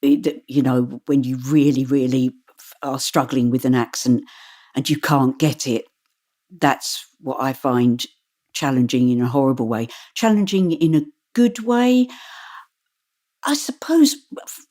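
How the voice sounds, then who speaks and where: A middle-aged woman, an audiobook narrator, talking in an interview in a chatty, animated way and laughing often. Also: a bass voice, a little slow. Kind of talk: interview conversation.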